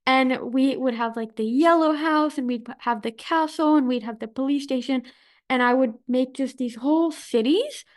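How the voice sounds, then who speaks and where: A woman's voice: high voice, moderate pace. A woman hosting a podcast in casual chat, bubbly, laughing often and filling her talk with "like", recording from home. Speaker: podcast host. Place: home in Boston.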